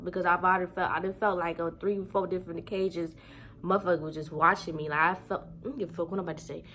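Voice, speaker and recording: A woman's voice: fairly low pitch, fast talker, a bit bright, a little hiss or hum. A woman vlogger telling a story to her viewers in a casual, heated way, with a lot of swearing.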